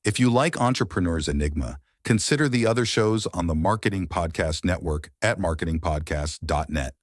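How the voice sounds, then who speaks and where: A man reading a scripted podcast outro in a smooth, measured announcer style. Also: deep voice, animated, no echo, clean studio sound.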